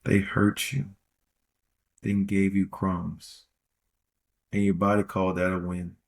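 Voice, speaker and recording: Podcast host, male, low voice with gravel, rambling slangy advice, repeats himself. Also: flat delivery, takes it slowly. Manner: rambling, repeats phrases for emphasis; slangy, street-casual phrasing. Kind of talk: casual relationship-advice monologue.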